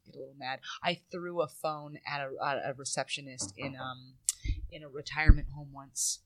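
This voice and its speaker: A woman's voice: a bass voice, fairly even intonation, moderate pace, fairly bright tone, no echo. A woman talking in a casual, reflective, rambling way as a guest, swearing now and then. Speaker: podcast guest. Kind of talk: casual chat.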